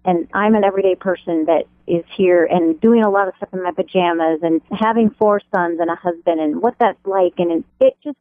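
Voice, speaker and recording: A middle-aged American woman, a radio devotional writer, chatting animatedly as an interview guest from her home over the phone. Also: dry recording. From American Upper Midwest. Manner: animated, laughs easily, pitch leaps when excited. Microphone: telephone. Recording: tinny phone line.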